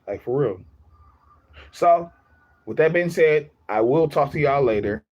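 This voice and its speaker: A man's voice: on the high side, expressive, a little slow, darkish tone, highs cut off, a little hiss or hum. A young man chatting casually on his livestream, rambling, repeating himself and laughing often.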